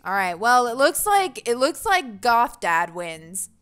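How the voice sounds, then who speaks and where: A woman's voice: fairly high pitch, very animated, slow, a bit bright, clean tone, faint music behind. A young woman streaming a dating game, chatting casually with viewers in a giggly, self-mocking way. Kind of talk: casual livestream commentary.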